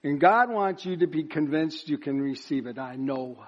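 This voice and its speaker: Male preacher with a lifted pitch. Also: expressive, normal speed, dull audio. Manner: builds to emphatic chanted repetition. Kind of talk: sermon. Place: church service.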